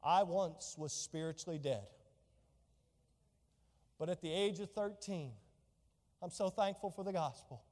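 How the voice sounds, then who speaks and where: Guy pastor preaching hard, goes quiet then loud, reads old bible wording, long echoey church reverb. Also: sits high, unhurried, pauses often. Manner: fervent preaching with big swings in loudness; reads scripture aloud in old-fashioned wording. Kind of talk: sermon.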